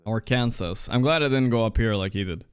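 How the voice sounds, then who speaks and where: Casting: male streamer, mid-pitched, smooth resonant voice, dry close sound, profane offhand muttering to chat. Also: brisk, dry recording. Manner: muttering, profane, talking to chat while playing. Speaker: game streamer. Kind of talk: casual live-stream commentary.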